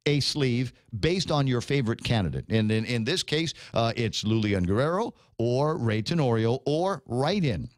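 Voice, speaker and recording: A man's voice: medium pitch, expressive, moderate pace, hardly any pauses, no room sound. A man hosting a morning radio show, chatting casually, laughing often and stammering over repeated words. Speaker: radio host.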